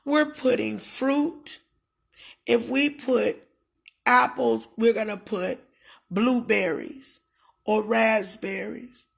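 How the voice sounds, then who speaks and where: A woman speaking casually to livestream viewers, emphatic and given to shouting when aggrieved. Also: fairly high pitch, steady tone, slow pace, gravelly, husky.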